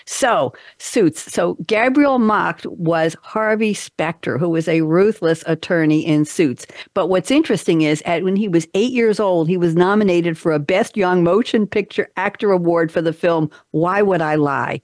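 A woman hosting a talk show in casual chat, upbeat and chatty, reading out trivia with quick asides. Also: fairly low pitch, darkish tone, no echo, clean studio sound.

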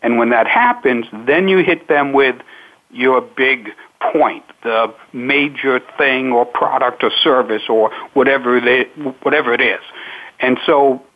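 A man who coaches public speaking, answering interview questions in a measured, unhurried way with frequent pauses. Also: medium pitch. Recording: narrow phone-line sound.

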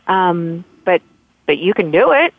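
Gravelly woman on a tinny phone line. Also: on the low side, big pitch swings, unhurried, no echo. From Southern California. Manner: rambling, heartfelt, with many restarts. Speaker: guest. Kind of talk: casual interview storytelling.

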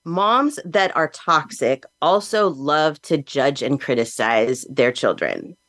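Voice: mid-range voice, big pitch swings, takes it slowly, fairly bright tone, dry recording. A podcast host, an adult with children, giving a candid and reflective personal monologue in a plain-spoken, earnest way.

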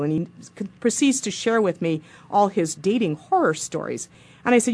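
A woman's voice: medium pitch, normal speed. A woman in her fifties, a doctor hosting a radio show, telling a story in a studio and acting out the quotes. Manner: animated, acts out the quotes she tells. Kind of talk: casual storytelling monologue.

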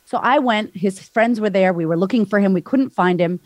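Speaking fairly quickly in a mid-range voice, a podcast guest gives a frank, breathless account of a difficult personal experience, peppered with "like" and acted-out voices. There is no echo on the recording.

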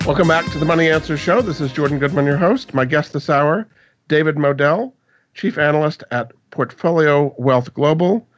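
A man's voice: fairly high pitch, normal speed, soft background music. A man hosting a finance radio show, interviewing a guest and often repeating words as he asks his questions. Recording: dry, dull lo-fi radio sound.

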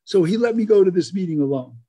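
An older man with a husky, mellow voice and a slightly high pitch. He spins an animated story as a podcast guest, stumbling through plenty of fillers and restarts. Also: fast talker.

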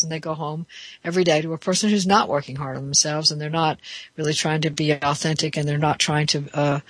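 A woman hosting a radio advice show as a therapist, talking in a relaxed, thoughtful way with many fillers and restarts. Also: low-pitched, no echo.

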